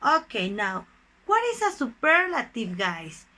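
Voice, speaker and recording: High-voiced teacher with a Mexican Spanish accent. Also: female voice, big pitch swings, bright, forceful tone, low-quality recording. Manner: slow, deliberate explaining, often repeats "guys" and "okay". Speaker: English teacher. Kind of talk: recorded online grammar lesson.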